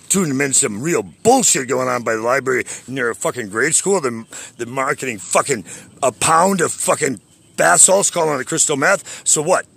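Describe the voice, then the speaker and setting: A man's voice: medium pitch, creaky, fairly bright tone, breathy edge. Furious, foul-mouthed man ranting on a call. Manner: agitated, profane, boastful. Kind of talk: profane angry rant on a call.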